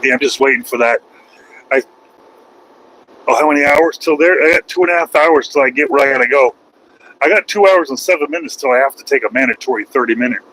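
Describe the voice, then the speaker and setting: A man's voice: mid-range voice, quick pace, fairly bright tone, rough recording. A middle-aged man, a truck driver, chatting casually and rambling with a folksy manner while driving his truck, swearing now and then. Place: truck cab on the road.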